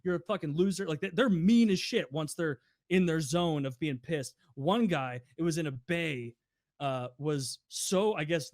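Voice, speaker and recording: Young adult male podcast co-host, animated storyteller, slightly higher pitch, dry close-mic sound. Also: no echo. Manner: animated, swearing, acts out quoted customers. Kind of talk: casual storytelling.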